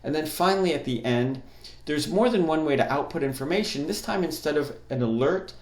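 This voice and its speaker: A man's voice: a little high, a little fast, reverberant. A man teaching a coding lesson, talking through each step while he types on a keyboard. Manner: relaxed, thinks aloud while typing. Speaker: programming teacher. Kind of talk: screen-recorded coding lesson.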